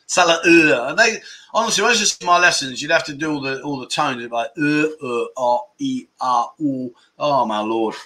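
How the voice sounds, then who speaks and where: A man's voice: on the high side, bright, forceful tone. A middle-aged man hosting a casual livestream, reading out viewer comments with jokes and frequent laughter. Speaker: livestream host.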